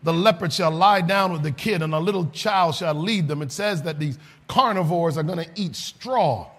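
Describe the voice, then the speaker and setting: A man preaching a sermon, rising to shouts and then dropping low and soft. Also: moderate pace.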